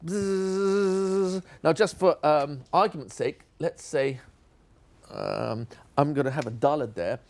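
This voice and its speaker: A man's voice: medium pitch, unhurried, gravelly, a little mellow. A man giving a teacher training session, playfully acting out classroom exchanges with children.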